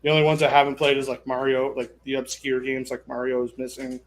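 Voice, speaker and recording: A man chatting as a guest, at an ordinary mid pitch, talking with eager enthusiasm and rambling through fillers and restarts. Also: completely flat delivery, quick pace. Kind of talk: casual chat.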